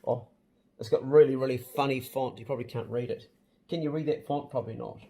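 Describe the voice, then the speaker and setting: A man's voice: mid-range voice, steady tone, brisk, creaky, warm tone. A man with a New Zealand accent, chatting casually and jokily as host of his home vlog. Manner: easygoing, jokey, matey slang. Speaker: channel host.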